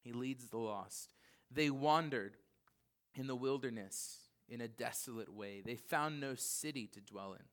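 A man's voice: mid-range voice, a bit bright. A man in his thirties, a pastor, preaching a conversational sermon that moves from casual asides to earnest emphasis.

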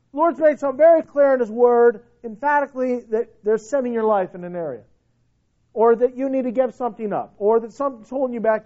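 A man preaching a sermon with passion, swinging between loud declarations and hushed, pleading lines. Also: high voice, muffled recording. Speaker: pastor.

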